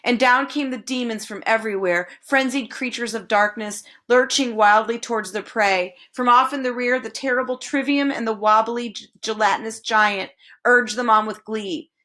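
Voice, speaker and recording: A woman reading a children's novel aloud, expressive and slowing down on dramatic phrases. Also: fairly high pitch. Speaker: storybook reader.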